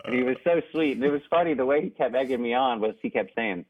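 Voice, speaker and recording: A man's voice: mid-range voice, quick pace. A young man, a jazz pianist and radio guest, telling stories eagerly and laughing often between anecdotes. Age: young adult. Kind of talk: storytelling in a radio interview. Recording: narrow phone-line sound.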